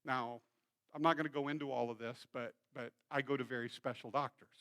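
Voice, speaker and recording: A man, a pastor, preaching a sermon in a church and telling a story in an animated way. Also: mid-range voice, brisk. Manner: storytelling, acts out quoted voices. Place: church sanctuary.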